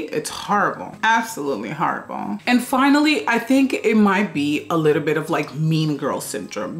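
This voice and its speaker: A woman from Guinea-Bissau talking casually to her viewers in an advice vlog, chatty and full of rhetorical questions. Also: deep voice. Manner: chatty, rhetorical questions, frequent "you know". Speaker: vlogger.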